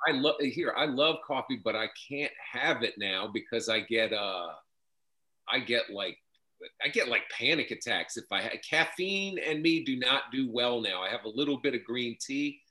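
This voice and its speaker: A man chatting casually as a guest, halting and stopping to restart his sentences. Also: medium pitch, expressive, pushed and bright. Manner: halting, many restarts and fillers. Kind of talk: casual chat.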